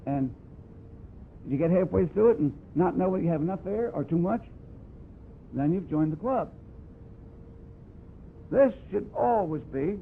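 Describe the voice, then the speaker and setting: A man's voice: sits high, lively intonation, normal speed, creaky, pauses often. A man giving a brass clinic in a plainspoken, wry way, scatting phrases to demonstrate. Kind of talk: blunt, conversational teaching talk. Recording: tinny lo-fi archival tape with faint hiss.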